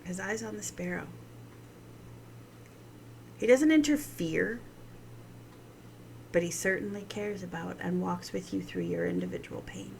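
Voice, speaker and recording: Woman w/ a gravelly morning voice, slow soft devotional talk, little bit of room hiss. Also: on the low side, lively intonation, rough recording. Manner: soft, slow and tender, often hushed. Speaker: devotional host.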